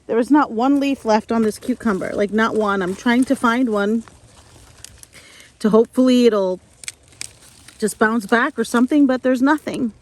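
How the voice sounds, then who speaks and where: A woman from upstate New York talking to her camera while she tends her garden, sighing, hesitant and thinking out loud. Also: a little high, normal speed, pauses often. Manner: sighing, hesitant, talks to herself while working. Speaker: gardening vlogger. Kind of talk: casual vlog narration. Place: outdoor garden.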